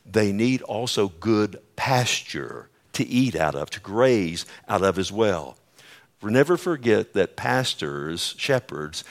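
A man preaching a sermon as a pastor, emphatic and repetitive, calling out to his listeners and dropping suddenly soft for effect. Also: mid-range voice. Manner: acts out quoted dialogue, repeats calls like "Amen?" and "Listen".

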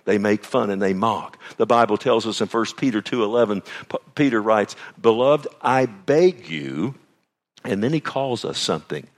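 A middle-aged man preaching a sermon. He keeps asking the congregation questions and swings from loud declarations to hushed lines. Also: on the low side, animated, normal speed. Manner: preaching with call-and-response questions. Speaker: pastor.

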